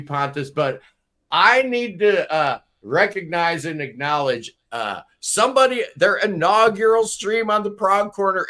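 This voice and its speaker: A man with a fairly high voice hosts a relaxed live-stream panel. He chats along in an upbeat way and teases his guests good-naturedly. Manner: chatty, teasing, upbeat. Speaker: host.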